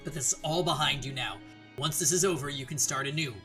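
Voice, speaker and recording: A woman voicing a gentle, doomed young man who speaks quietly and earnestly, reading a visual novel aloud. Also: low-pitched, fast talker, music in the background, close to an everyday voice. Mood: tender.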